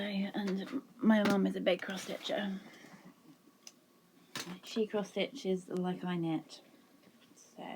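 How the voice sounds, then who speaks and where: A woman's voice: medium pitch, gravelly, warm tone, a little hiss or hum. A woman chatting casually to her viewers in a crafting vlog, chatty and self-mocking, sitting at home. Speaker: vlogger. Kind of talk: casual chat.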